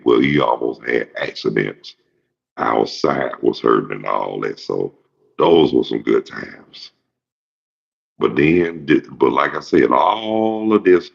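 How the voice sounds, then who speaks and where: A man's voice: rumbling low, gravelly, husky. A man in his fifties hosting his own show, rambling through a casual, jokey monologue full of profanity. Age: 50s. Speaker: show host. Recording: dull lo-fi recording.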